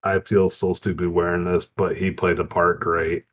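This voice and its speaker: A man co-hosting a casual podcast, telling relaxed, rambling anecdotes. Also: deep voice, normal speed, husky. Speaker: podcast co-host. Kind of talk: casual chat. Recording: dull lo-fi audio.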